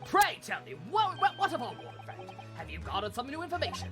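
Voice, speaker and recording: A woman's voice: high-pitched, very animated, fairly quick, over music. A woman voicing a pompous, eccentric male detective from a game, speaking in grand old-fashioned phrases. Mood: inquisitive. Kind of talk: reading game dialogue aloud.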